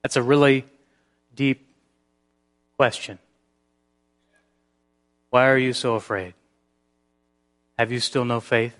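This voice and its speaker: Male pastor, mid-pitched, slow sermon delivery, swings from hushed to emphatic. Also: steady tone. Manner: slow, dynamic preaching, dropping to near whispers and rising to emphatic peaks.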